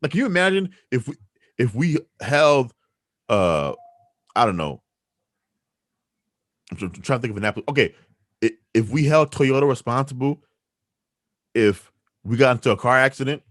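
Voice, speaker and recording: A man's voice: mid-range voice, moderate pace, long pauses, no room sound, studio quality. A man co-hosting a weekly news talk show, arguing his opinions emphatically and rhetorically. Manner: animated, emphatic, rhetorical, with restarts. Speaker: co-host. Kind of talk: opinionated news commentary chat.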